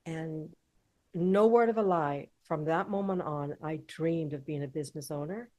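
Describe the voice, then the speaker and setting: A woman's voice: low-pitched, moderate pace, mellow. A woman who is an entrepreneur and healer, a guest telling a candid personal story in a heartfelt, emotional way.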